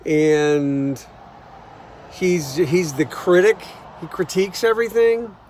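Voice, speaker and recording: Man, slightly high voice, folksy storytelling, faint hum behind. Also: takes it slowly, darkish tone. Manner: folksy, acts out quoted voices. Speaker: songwriter telling stories. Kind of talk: casual storytelling monologue.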